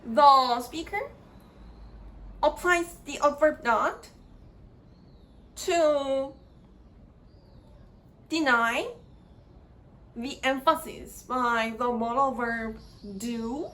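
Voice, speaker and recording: A woman explaining grammar in a slow, halting lecture, often repeating words as she searches for phrasing. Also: sits high, a bit bright, rough recording.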